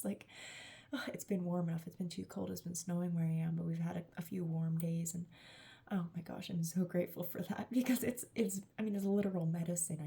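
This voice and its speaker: Gravelly, breathy spiritual woman. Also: fairly low pitch, brisk. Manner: gushing, affectionate, laughs often, soft whispery asides. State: tired and emotional. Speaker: tarot reader and channeler. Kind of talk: spiritual channeled message to viewers.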